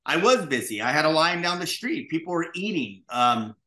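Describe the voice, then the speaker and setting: Forceful, animated man telling stories. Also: fairly high pitch, moderate pace, reverberant. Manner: animated, profane, acts out dialogue. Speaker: guest, pizza restaurateur. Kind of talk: casual interview storytelling.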